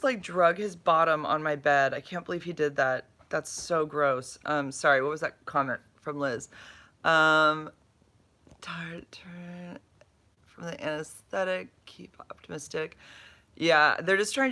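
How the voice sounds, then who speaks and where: A drowsy woman with a bright voice chats loosely on a live stream from her bed. She rambles, trips over words and greets viewers as she reads their comments. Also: low voice. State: drowsy and dopey from medication. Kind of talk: casual live-stream chat, reading comments. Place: in bed at home.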